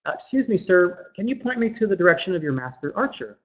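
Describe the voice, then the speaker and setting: A man's voice: high-pitched, big pitch swings, quick pace, highs cut off, voice pushed up. A man voicing an eager young male archer, asking polite, earnest questions.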